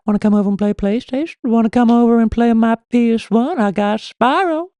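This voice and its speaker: Herbert, a creepy high old man. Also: fairly quick, warm tone, smooth, dry recording. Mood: creepy coaxing. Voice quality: high wavering old man's voice. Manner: wheedling, coaxing.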